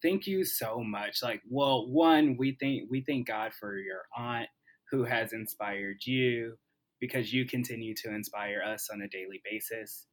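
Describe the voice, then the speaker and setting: A man's voice: mid-range voice, unhurried. Man, podcast host, hesitant and rambling, lots of filler words. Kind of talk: casual interview talk.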